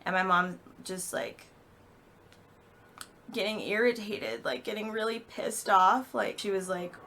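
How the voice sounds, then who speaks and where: A young woman in her twenties, a vlogger, telling an emotional personal story with halting speech and many fillers. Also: medium pitch, sharp tone.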